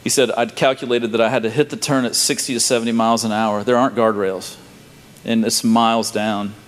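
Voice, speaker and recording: A man's voice: mid-range voice, little pitch movement, a little fast. A man, telling a personal story to an audience in a folksy, emotional way. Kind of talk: personal testimony told to a live audience. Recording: reverberant hall.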